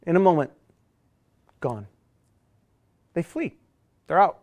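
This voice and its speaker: A middle-aged man preaching with a voice a touch higher than most. He talks to the congregation like a friend, sinking to near-whispers and then rising with energy. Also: expressive, slow pace. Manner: conversational preacher, dynamic swings from hushed to loud. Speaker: pastor. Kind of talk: sermon.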